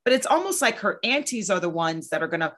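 Very animated and fast-talking, this woman has a medium-pitched, slightly bright voice. She's a podcast host and guest speaker in her thirties, chatting casually with earnest emphasis and occasionally mimicking what others said.

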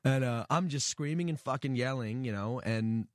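Profane animated man telling a story. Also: mid-range voice, moderate pace, no room sound, clean studio sound. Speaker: guest musician. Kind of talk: casual podcast chat.

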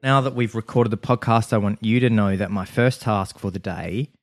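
A man's voice: fairly low pitch, moderate pace. A man joking and laughing in a casual podcast chat, swearing freely. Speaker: podcast co-host.

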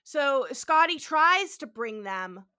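A woman with a high, bright voice co-hosts a casual podcast. She recaps a TV episode in an excitable, sweary way. She acts out lines from the show. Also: slow pace. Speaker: podcast co-host.

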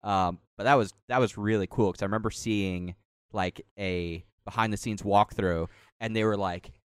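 A man's voice: lowish voice, fairly even intonation, normal speed, clean tone, dry recording, clean studio sound. A man in his thirties chatting casually about a video game, rambling with many fillers. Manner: rambling, lots of fillers and laughs. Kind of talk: casual chat.

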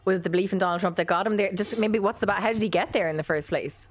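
A woman's voice: medium pitch, very fast, slight background noise. A woman co-hosting a news podcast, asking eager, probing questions. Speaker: podcast co-host. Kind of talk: casual news discussion.

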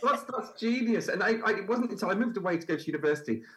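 Brief: male guest, very animated pitch, chatty anecdotes, plenty of ums. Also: racing. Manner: chatty storyteller, lively, hesitant fillers. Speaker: guest, food festival presenter. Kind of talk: casual interview chat.

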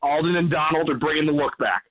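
Joking male caller on a tinny phone line. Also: a little high. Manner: joking, chatty, halting restarts. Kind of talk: casual call-in chat.

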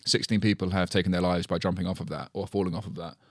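Podcast host, lowish pitch, dead-dry mic, loose sweary banter. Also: male voice, quick pace, no room sound. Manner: animated storyteller, swears freely. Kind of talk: casual chat.

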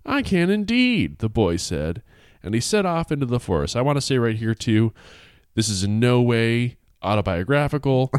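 Man, storyteller, wry comic asides, animated pitch, dry close sound. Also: moderate pace, clear, resonant tone, dry recording. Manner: wry, irreverent, swears and laughs at the text. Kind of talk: reading a folktale aloud with comic asides.

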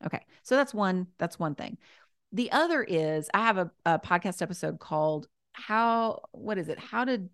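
A woman with a fairly low, expressive voice appears as a guest on a casual podcast, offering life advice at a moderate pace. Gentle and encouraging, she chats with plenty of "like" and "you know," correcting herself mid-sentence, in a dry, studio-quality recording.

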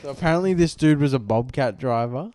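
Smooth-voiced young bloke, joking. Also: male voice, medium pitch, animated, fairly quick, dark tone, dry recording. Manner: reads out jokes, laid-back and sweary. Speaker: podcast co-host. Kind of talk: casual crude banter.

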